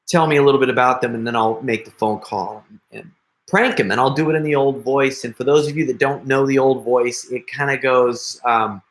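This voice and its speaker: A man's voice: mid-range voice, a bit bright. A middle-aged man chatting casually with viewers on a live stream, joking and laughing often. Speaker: prank video creator hosting a live stream.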